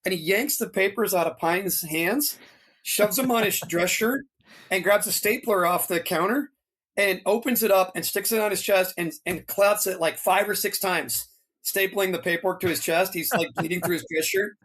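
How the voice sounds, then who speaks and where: A man's voice: high-pitched, moderate pace. A man in his fifties telling stories in a casual, rambling way, with many fillers, and acting out the people he quotes. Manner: rambling, filler-heavy, animated when quoting others. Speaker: interview guest, retired fire lieutenant. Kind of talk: casual storytelling.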